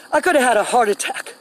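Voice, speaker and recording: A woman's voice: on the high side, slight background noise, poor audio. A woman, ranting angrily to viewers on a phone livestream outdoors, speaking in an indignant, emphatic way.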